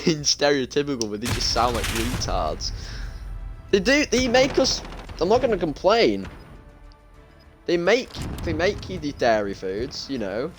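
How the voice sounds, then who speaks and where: Chatty British teen streamer ranting. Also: male voice, medium pitch. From United Kingdom. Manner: chatty and ranting, frequent restarts. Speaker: game streamer. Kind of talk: casual gaming stream chat. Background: faint game gunfire.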